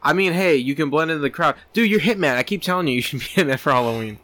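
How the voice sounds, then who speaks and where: Bright-voiced teasing man. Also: a little high, lively intonation, no room sound. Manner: teasing, halting, laughing a lot. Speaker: podcast co-host. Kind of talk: casual chat.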